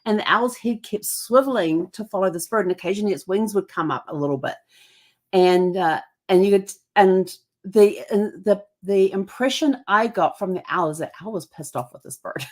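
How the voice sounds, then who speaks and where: A woman podcast host telling a casual story, rambling along with many restarts and fillers. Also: medium pitch.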